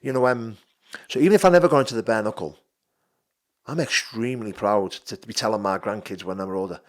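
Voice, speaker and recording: A man's voice: on the low side, a little fast. Blunt, sweary North East man in his thirties. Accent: Geordie. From North East England. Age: 30s. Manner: blunt and sweary, swings between quiet and emphatic. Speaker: podcast guest, fighter. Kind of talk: casual podcast chat.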